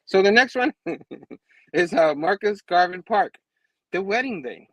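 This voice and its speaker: A man casually recapping a comic book, laughing often and acting out the characters in quick voices. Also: sits high, lively intonation, fairly bright tone, no echo, low-quality recording.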